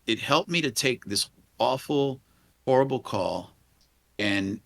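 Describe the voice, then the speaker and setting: Earnest, halting man with a low voice. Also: vocal fry, a bit bright. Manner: halting, earnest, with many restarts. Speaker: police leader and guest. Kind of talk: storytelling in a podcast interview.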